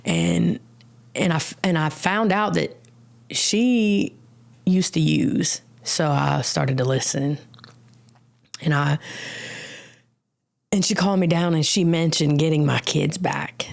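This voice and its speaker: A woman's voice: low voice, very animated, slow pace, vocal fry, pauses often. A woman sharing her life story as a guest on a podcast, telling it animatedly with casual slang and acted-out quotes. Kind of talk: personal testimony in a podcast interview.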